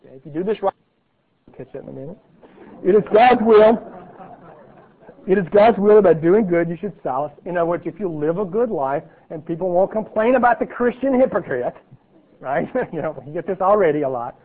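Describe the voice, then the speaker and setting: Male preacher, high voice, chatty teaching sermon, thin phone-line sound. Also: expressive, fast talker. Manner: conversational teaching, frequent "okay" and "right". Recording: tinny phone-like audio.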